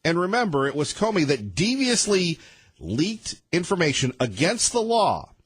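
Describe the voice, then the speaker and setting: A man hosting a morning talk radio show, delivering rapid-fire sarcastic opinions. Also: on the high side, big pitch swings, slightly rough, dry recording. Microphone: studio microphone.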